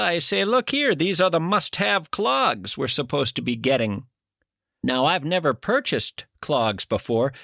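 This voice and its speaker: Male talk host, high voice with gravelly fry, wry comedic monologue, close dry sound. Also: bright, forceful tone, no echo. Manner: wry, musing, mock-serious storytelling. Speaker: radio talk show host.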